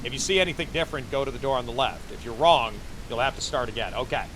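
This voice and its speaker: A fast-talking VTuber streamer with a mid-range voice and lively intonation jokes and chats with viewers over a noisy background. He gives casual commentary on his game, talking to himself as he plays.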